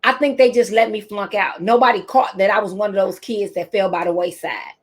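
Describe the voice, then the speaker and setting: A woman's voice: mid-range voice, steady tone, a little fast. A middle-aged woman teacher and speaker giving a motivational talk to teachers, telling stories and repeating her key phrases.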